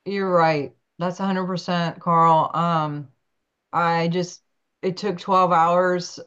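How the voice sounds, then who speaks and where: Lively woman telling stories, lo-fi audio. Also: takes it slowly, smooth. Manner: animated, acts out quotes with big pitch jumps. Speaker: guest, naturopathic doctor. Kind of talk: storytelling in an interview.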